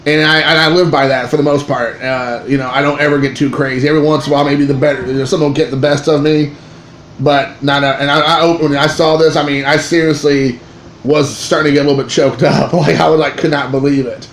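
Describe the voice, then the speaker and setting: A man, a father in his thirties, telling a card-collecting story in a rambling, excitable way with many restarts. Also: on the high side, fast talker. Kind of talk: casual storytelling to camera. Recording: echoey room with faint ambient noise.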